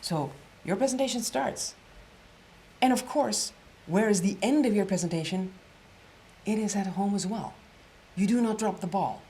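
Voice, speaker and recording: A woman presentation coach giving an energetic storytelling workshop lecture, repeating phrases and dropping to an emphatic whisper on key points. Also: medium pitch, moderate pace, long pauses, slight background noise.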